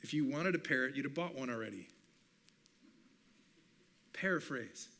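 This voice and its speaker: A man who is a communications professor, giving an animated teaching talk at a church and acting out bits of dialogue. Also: medium pitch, moderate pace. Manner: animated, acts out quoted dialogue.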